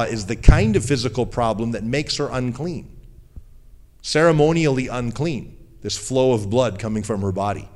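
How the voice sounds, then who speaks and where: Man preaching a conversational sermon. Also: mid-range voice. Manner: conversational preaching, acts out voices of people. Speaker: pastor.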